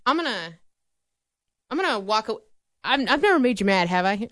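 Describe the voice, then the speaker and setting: A lively young woman co-hosting a radio show, her pitch leaping all over as she tells a story and laughs between lines. Her voice sits a little high and sounds close and dry. The talk is easygoing radio banter. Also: brisk, pauses often, no room sound. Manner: animated storyteller, laughs often. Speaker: radio co-host. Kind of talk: casual radio chat.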